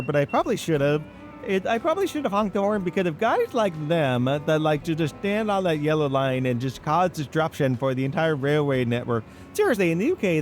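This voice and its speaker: On his gaming channel, a man plays a train simulator and chats casually, telling his viewers rambling stories directly. His voice is fairly high and darkish in tone, with a slight hiss or hum on the recording.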